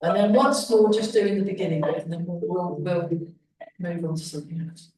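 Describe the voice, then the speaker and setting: Speaking at normal speed in a low-leaning voice, a woman guides beginners through tai chi, mixing calm breathing prompts with chatty asides between moves. The mic sits far away in a hall full of echo.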